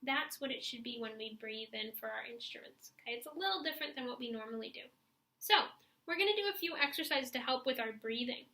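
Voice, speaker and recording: A young woman with a high, bright voice leads a class through stretches and breathing. She talks straight to the students, encouraging them and showing each sigh and deep breath herself. Her voice stays clear and lively throughout. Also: fast talker, roomy sound. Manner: encouraging, demonstrates breaths and sighs. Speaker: music teacher. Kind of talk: instructional video for young students.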